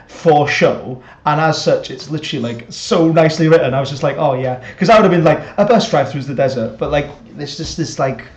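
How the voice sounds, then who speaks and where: A man co-hosting a casual chat, excitable, laughing often and restarting his sentences. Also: a little high, a little fast, few pauses. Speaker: podcast co-host. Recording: echoey dull lo-fi call audio.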